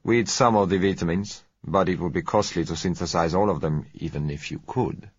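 Polite smooth oil dealer read by a man, unhurried, husky, low, storybook reading. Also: no room sound, highs cut off. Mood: smooth, courteous. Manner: gentle, unhurried and courteous.

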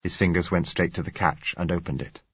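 A man reading a novel aloud as scripted audiobook narration, measured and composed. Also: deep voice, steady tone, breathy edge, dry recording. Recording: slightly dull recording.

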